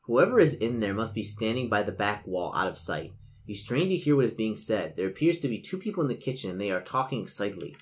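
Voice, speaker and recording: Game master, man, low voice, steady gamebook narration. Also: quick pace.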